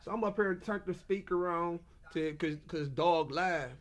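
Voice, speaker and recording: A man's voice: sits high, a little slow. A man in an agitated casual monologue rant, stammering and repeating himself. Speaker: self-published author.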